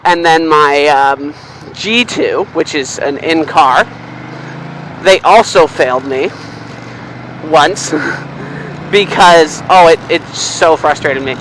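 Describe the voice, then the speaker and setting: A young man, chatting casually and swearing freely while driving, rambling and excitable. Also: a little high, takes it slowly, pauses often, poor audio. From Canada. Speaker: vlogger. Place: inside a car, driving in city traffic. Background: faint car and road noise.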